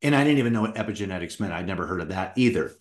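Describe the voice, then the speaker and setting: A middle-aged man with a slightly low voice tells his own story. He talks in an animated way and acts out the words he said back then. He is an author of children's books. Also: very fast. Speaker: children's book author and founder. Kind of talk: personal storytelling talk.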